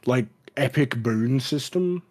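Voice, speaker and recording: A man's voice: mid-range voice, animated, takes it slowly, darkish tone. A man chatting casually about a tabletop game. He swears a lot and rambles through his points. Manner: rambling, frequent swearing, restarts. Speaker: podcast regular. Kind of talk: casual gaming chat.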